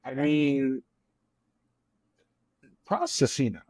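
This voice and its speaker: A man joining a podcast as a guest, talking in a measured, enthusiastic way with many fillers. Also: medium pitch, lively intonation, darkish tone, dry recording. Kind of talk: casual chat.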